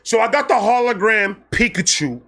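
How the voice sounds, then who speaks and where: A man telling a personal story in a casual vlog, excitable, animated and full of profanity. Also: high-pitched, normal speed. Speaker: storyteller host.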